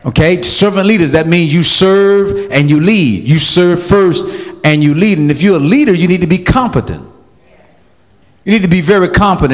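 A man preaching a sermon as pastor, emphatic and animated, calling out to the congregation. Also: on the high side, in a large hall.

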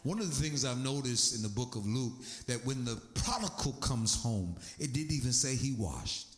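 A man preaching a sermon, animated, his voice climbing high as he gets excited. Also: normal speed. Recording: echoey room.

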